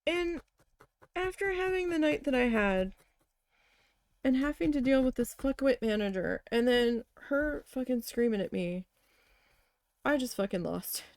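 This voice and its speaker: A woman's voice: sits high, expressive, unhurried, long pauses, darkish tone, dry recording, clean studio sound. A woman vlogger chatting casually while she needle felts, telling stories bluntly with a lot of swearing. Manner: blunt, heavily profane storytelling. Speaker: crafting vlogger. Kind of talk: casual storytelling chat while needle felting.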